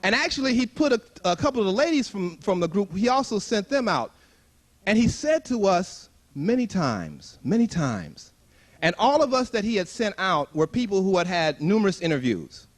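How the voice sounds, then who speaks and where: A man with a high, very lively voice tells a humorous story to a retreat audience. He acts out the voices he quotes and laughs along with his own jokes, speaking with a bright, dramatic storyteller's energy. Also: normal speed. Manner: animated, acts out quoted voices, chuckles often.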